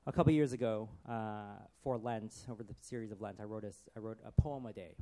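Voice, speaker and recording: A man preaching a sermon, earnest, often dropping to a soft voice. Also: fairly low pitch, a little fast, few pauses.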